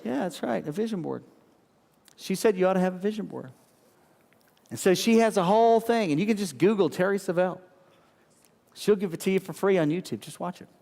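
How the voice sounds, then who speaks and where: A man preaching a sermon as a pastor, animated and repetitive, calling on the congregation to answer. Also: high-pitched, fairly quick, creaky, pauses often, long reverb tail.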